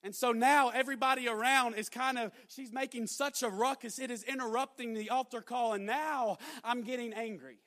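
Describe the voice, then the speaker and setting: A young man delivers a sermon in a notably high voice. He tells his story conversationally and then rises into loud, emphatic preaching. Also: fairly even intonation, normal speed, hardly any pauses.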